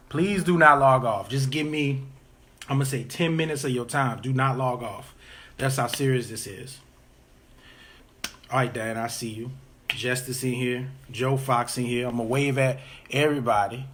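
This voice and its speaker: A man's voice: mid-range voice, slight background noise. A man hosting a casual live stream from home, urgently pleading with viewers to stay and greeting them by name.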